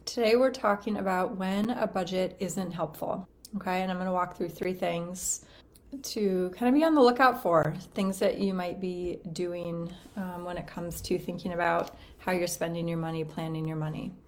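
A woman's voice: fairly low pitch, fairly even intonation, normal speed. A woman hosting a podcast as a financial coach, talking in a chatty, upbeat way, a little out of breath. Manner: upbeat, chatty, uses "right?" often. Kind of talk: solo podcast talk.

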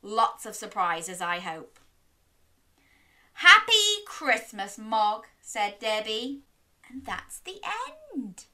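A woman's voice: medium pitch, takes it slowly, sharp tone. A young woman reading a children's story aloud, sing-song and encouraging, gasping and inviting little listeners to join in.

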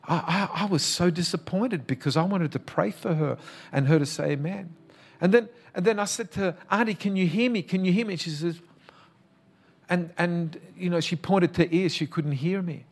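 A man's voice: a little high, normal speed, vocal fry, slightly rough. A man who is a pastor, preaching a sermon with emphatic, passionate calls and chatty storytelling full of restarts. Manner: conversational storytelling with repeated restarts.

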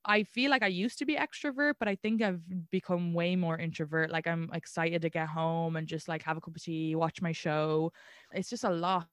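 A young adult woman with an Irish accent, a guest and comedian, talking candidly in a casual conversation with animated storytelling. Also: lowish voice, normal speed, no room sound, clean studio sound. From Ireland.

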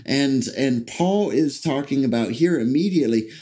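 A man preaching a sermon, speaking haltingly with many fillers and restarts and slowing down to read scripture aloud. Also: mid-range voice, animated, mellow.

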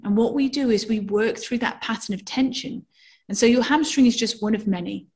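Animated woman teaching a movement workshop. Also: mid-range voice. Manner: animated, acts out sounds and asks listeners questions.

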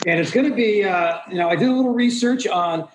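A man's voice: high-pitched, fairly quick, echoey room, noisy background. A man hosting a casual chat with friends, running a game in a playful, joking emcee manner. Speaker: podcast host.

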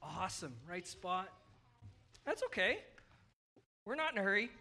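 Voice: medium pitch, big pitch swings, a little slow, creaky, bright, forceful tone. A children's pastor giving a playful, upbeat children's sermon at a church service, coaxing the kids along while also addressing the adults.

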